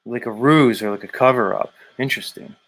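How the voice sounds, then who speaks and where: A man's voice: medium pitch, a little fast, fairly bright tone. A man hosting a daily live stream, reading viewer comments aloud and teasing commenters by name in a rambling, casual way. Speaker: livestream host reading chat.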